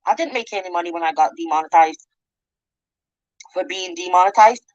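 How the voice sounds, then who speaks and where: A woman's voice: on the low side, brisk, darkish tone, no echo. A Scottish woman hosting an angry commentary rant, swearing and combative. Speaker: channel host. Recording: dull lo-fi dry audio.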